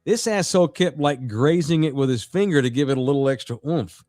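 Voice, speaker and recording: Male sports radio co-host, high lively voice, crude rowdy storyteller, dead-dry sound. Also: fairly quick, no echo. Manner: profane, animated storyteller. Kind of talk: casual sports talk.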